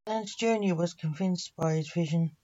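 Woman, storyteller, scripted story narration, low voice, dull lo-fi home recording. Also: normal speed, warm tone.

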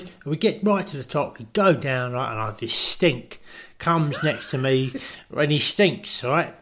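A man's voice: medium pitch, lively intonation, measured pace, a bit bright. A man co-hosting a comedy podcast, telling a rambling improvised tale full of "right?" and "I says". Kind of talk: improvised comic storytelling.

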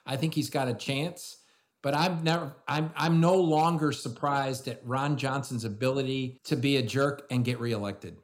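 A man's voice: medium pitch, moderate pace. A man commentator giving blunt political opinions in conversation. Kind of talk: political chat.

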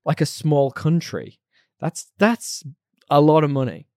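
A man's voice: on the high side, animated, measured pace, warm tone, dry recording, clean studio sound. A man co-hosting a podcast in casual chat, chatty and playful, laughing easily. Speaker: podcast co-host.

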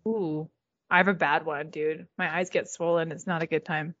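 A young woman co-hosting a podcast in casual chat, deadpan and giggly, fond of gross-out jokes. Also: low-pitched, normal speed, dull audio. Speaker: podcast co-host.

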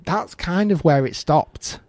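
A man hosting a casual podcast, explaining things in a relaxed way with quick restarts. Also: fairly high pitch, no echo. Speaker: podcast host.

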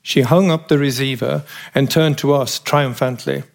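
A man reading a novel aloud as narrator, in a measured, wry storytelling manner. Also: mid-range voice, creaky. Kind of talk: audiobook reading.

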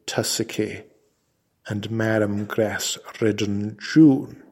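A man telling a comic mock-heroic tale in a pompous, deadpan, mock-formal way. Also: on the low side. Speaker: comic storyteller.

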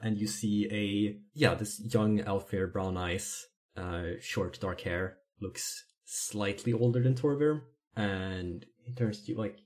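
A woman running a tabletop role-playing game as game master, narrating scenes in a relaxed way with fillers. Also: very deep voice, takes it slowly, hardly any pauses.

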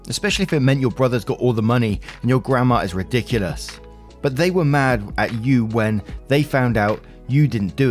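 A man's voice: medium pitch, darkish tone. Man reading forum posts aloud, faint music. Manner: blunt, opinionated. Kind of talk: casual reading and commentary.

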